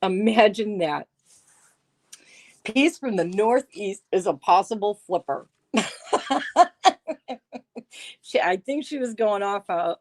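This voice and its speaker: Brief: middle-aged woman, live-stream host, unhurried and sarcastic, chatty with viewers. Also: medium pitch, a little mellow. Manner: sarcastic, laughs often, chats with viewers. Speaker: livestream host reading chat. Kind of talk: casual live-stream chat.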